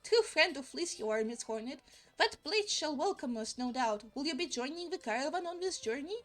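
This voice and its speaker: A woman voicing a grand, formal male flea caravan leader, reading his lines slowly and theatrically in a video game. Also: high-pitched, expressive. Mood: elated. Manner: theatrical, slow and stately reading.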